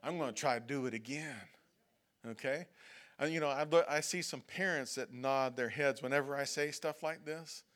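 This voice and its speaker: A man's voice: mid-range voice, moderate pace, fairly bright tone. A male pastor preaching a sermon in a church, talking conversationally, often checking in with "okay?" and acting out prayers and whining voices. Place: church sanctuary.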